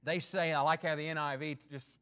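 A man preaching a sermon in an earnest, emphatic way, with his loudness and pace swinging as he makes each point. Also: a little high, steady tone, fairly quick, smooth. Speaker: pastor.

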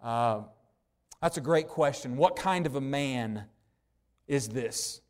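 A man preaching a sermon, earnest, slowing right down to stress key words. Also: medium pitch. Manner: earnest preaching, slows down for emphasis. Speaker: pastor.

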